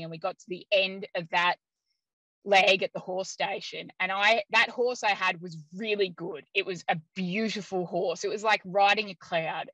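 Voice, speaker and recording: Chatting casually as an interview guest, a woman recounts a story with lots of laughter and a steady stream of "like" fillers. Her voice sits in the mid range, and the audio is rough though free of echo.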